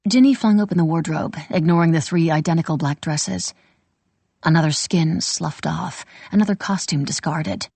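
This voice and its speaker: A woman reading a historical novel aloud as an audiobook narrator, steady and measured. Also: deep voice, creaky, slightly rough, no echo.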